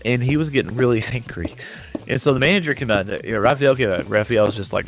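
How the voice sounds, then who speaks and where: A Texan man with a pitch that sits right in the middle for a man, talking loosely and rambling through stories as he plays. He chats straight to his viewers in an easygoing way, with faint music underneath. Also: fast, creaky, a bit bright. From West Texas. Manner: rambling storyteller, chatting with viewers. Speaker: streamer. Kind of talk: casual chat while gaming.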